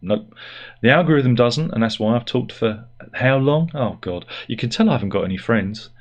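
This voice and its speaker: A man's voice: mid-range voice, lively intonation, normal speed, dull audio. A middle-aged man giving a rambling, sardonic and self-deprecating opinion monologue as host of his own channel. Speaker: YouTube host.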